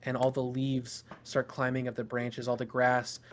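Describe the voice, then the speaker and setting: A man's voice: mid-range voice, completely flat delivery, normal speed, a little hiss or hum. A man narrating a tabletop game as game master, in a loose, improvised storytelling way with fillers.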